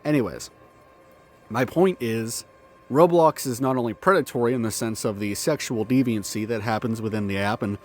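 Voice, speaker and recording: Guy ranting on his channel, swears a ton, kinda out of breath, laughs at his own tangents. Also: medium pitch. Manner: profane, swears freely, self-interrupting with laughs and asides. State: out of breath from the cold. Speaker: commentary video host. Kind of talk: ranting video-essay commentary. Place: outdoors in the cold.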